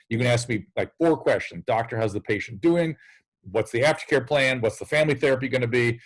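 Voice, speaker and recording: A man's voice: mid-range voice, brisk, poor audio. A man who is a physician, talking candidly and bluntly in an interview over a video call and swearing for emphasis. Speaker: addiction medicine physician on a call-in show.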